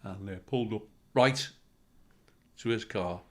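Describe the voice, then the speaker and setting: A man's voice: lowish voice, unhurried, fairly bright tone. A male comedian telling rambling anecdotes as a podcast guest, swearing freely. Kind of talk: storytelling in a podcast interview.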